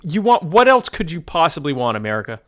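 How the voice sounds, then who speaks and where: A man's voice: fairly high pitch, sing-song, quick pace, fairly bright tone. A man co-hosting a podcast, chatting about politics animatedly, joking, with stammering restarts. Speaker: podcast co-host. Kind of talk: casual political chat.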